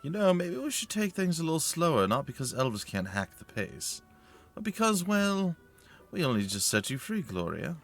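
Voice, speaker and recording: A man's voice: on the high side, very animated, moderate pace, faint music behind, pitched above the performer's own voice. A man voicing a spirited young woman adventurer in a put-on accent, chatty and teasing. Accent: put-on British-style accent.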